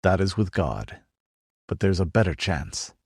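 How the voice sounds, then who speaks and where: A man playing a devout priest tending the wounded, soothing and measured. His voice is low and dry. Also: big pitch swings, slightly rough, dry recording, heavily acted. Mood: calm. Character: calm male priest and healer.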